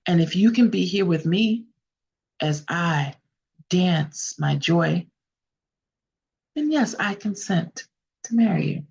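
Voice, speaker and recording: A serene female spirit of a whale , as a woman storyteller puts her on, speaking in a calm, gentle voice that sits low and husky. She sounds like a figure from a spoken folk tale. The audio is dull and lo-fi. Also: slow pace, long pauses, heavily acted.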